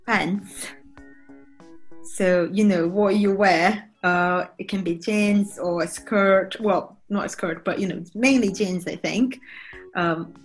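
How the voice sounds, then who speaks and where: A young woman from Brazil with a Brazilian accent shifted toward British English, chatting casually as a podcast guest and laughing often. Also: medium pitch. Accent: Brazilian Portuguese, shifted toward British English.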